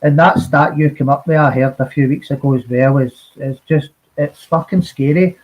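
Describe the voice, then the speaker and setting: A man guesting on a football podcast, talking in a halting way with lots of repeated words and swearing. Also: a little high, fairly even intonation. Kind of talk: casual football podcast chat. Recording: dull lo-fi audio.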